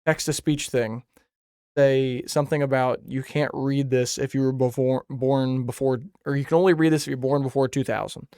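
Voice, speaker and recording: A man's voice: medium pitch, normal speed, smooth, no room sound, studio quality. A man in his twenties telling a funny story on a casual podcast, laughing as he goes. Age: 20s. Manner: animated storyteller, laughs often. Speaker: podcast co-host. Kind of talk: casual chat.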